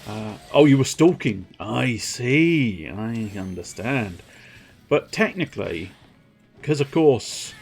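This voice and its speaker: A man's voice: medium pitch, sing-song, takes it slowly, vocal fry, darkish tone, husky, soft background music. A man streaming a video game, chatting casually with viewers in a rambling, self-mocking way. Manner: rambling, self-mocking, breaks into silly voices. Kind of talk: casual live game commentary.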